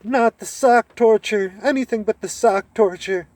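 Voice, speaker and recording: A man's voice: high voice, a little slow, a little mellow, slight background noise, voice pushed up. A man doing a hammy joking teenage boy. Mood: whimpering. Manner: theatrical, exaggerated courtesy. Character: joking teenage boy, mock servile then mock pompous.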